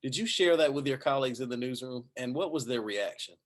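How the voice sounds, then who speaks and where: A man's voice: medium pitch, fast talker. A man who is a news anchor, telling a personal story at a panel discussion and acting out the quoted voices. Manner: animated anecdote telling with acted quotes.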